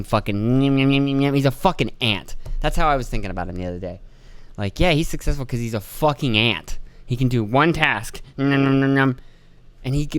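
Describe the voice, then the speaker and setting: A man in his thirties hosts a solo podcast and rants about his week. He curses freely and sounds exasperated as he acts out his stories. His voice is smooth and resonant, recorded close and dry with no room sound. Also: mid-range voice, no echo. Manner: profane, exasperated, animated storytelling. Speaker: podcast host. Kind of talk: casual solo rant.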